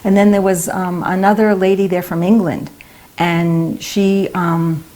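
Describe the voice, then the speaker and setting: Older lady telling a story, bit low voice, amused and lively. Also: a little slow. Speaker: devotee sharing memories. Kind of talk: anecdotal storytelling.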